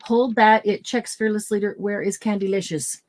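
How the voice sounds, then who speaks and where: A woman hosting a craft livestream in casual chat, bubbly and quick to laugh, greeting viewers by name. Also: medium pitch, steady tone, a little mellow. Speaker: craft show host.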